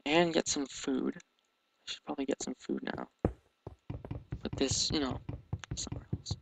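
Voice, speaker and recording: A teenage boy giving casual, hesitant commentary over a game, talking quietly and mumbling, recorded at home on a sensitive microphone. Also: mid-range voice, fairly even intonation, moderate pace, vocal fry. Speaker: let's play commentator. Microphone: sensitive desk microphone. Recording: noisy home mic recording.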